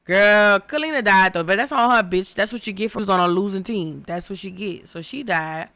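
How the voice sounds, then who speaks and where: Brash young woman for a comedy recap; crisp, bright voice, dead-dry room. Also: mid-range voice, a little fast, dry recording. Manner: loud, brash, cursing, animated storytelling. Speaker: movie recap host. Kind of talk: profane comedic movie recap.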